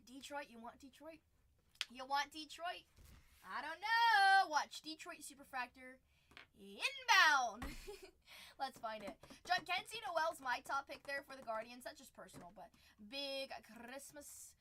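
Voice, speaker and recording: A woman's voice: high voice, expressive, a little slow, sharp tone, a little hiss or hum. A young woman hosting a live card-break stream, chatty and laughing often as she reads viewer comments aloud. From San Diego area.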